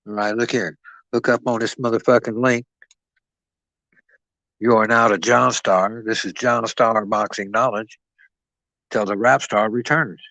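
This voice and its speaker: A man's voice: on the low side, steady tone, a little slow, creaky, long pauses, sharp tone, no room sound, rough recording. A man rambling and boasting as he stands in as host of a boxing live stream, swearing freely and talking to his chat.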